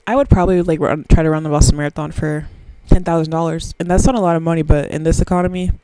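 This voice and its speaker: A woman's voice: sits low, fairly even intonation, quick pace, warm tone, no echo, low-quality recording. A woman, rambling through a profane, self-mocking solo podcast chat very close to the microphone. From Southern US. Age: 20s. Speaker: podcast host.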